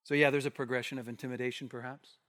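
Animated man preaching in a reverberant hall. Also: medium pitch, rapid-fire. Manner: animated, acts out the bystanders' challenge. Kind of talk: expository sermon.

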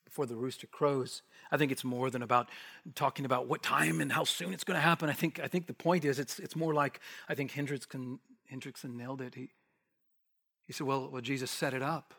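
A man preaching an expository sermon, emphatic and repetitive, dropping to a hush to stress key points. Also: medium pitch, steady tone, a little fast, gravelly. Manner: emphatic, repetitive, with hushed drops for weight.

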